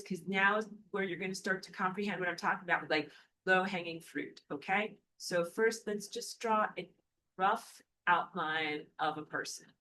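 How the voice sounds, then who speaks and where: A woman's voice: mid-range voice, bright, forceful tone, slight background noise. A woman giving a casual, chatty lecture while she draws on a whiteboard. She thinks aloud, jokes and corrects herself as she goes. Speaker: spiritual teacher.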